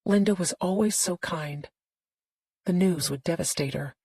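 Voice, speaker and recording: A woman narrating a thriller audiobook in a tense, steady storytelling manner. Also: lowish voice, measured pace, husky, no echo, low-quality recording.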